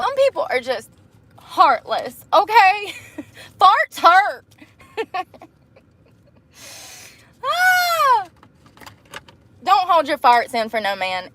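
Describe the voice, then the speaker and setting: A young woman vlogging in a casual, candid chat to her viewers, animated and quick to laugh, calling them y'all, girl and baby. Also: high voice.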